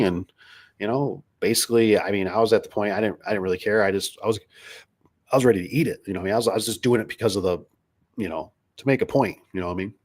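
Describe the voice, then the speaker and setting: A man's voice: fairly low pitch, quick pace, darkish tone, slightly rough. A man hosting a casual livestream, rambling through stories with lots of fillers and restarts while reading viewer comments. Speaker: livestream host, garage door business owner.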